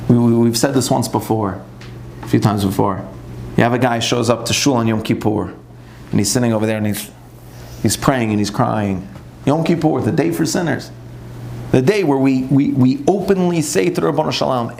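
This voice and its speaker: A man, a rabbi, giving an animated, conversational sermon to a live audience. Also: mid-range voice, moderate pace, vocal fry, slight background noise. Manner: animated, conversational preaching with acted-out asides.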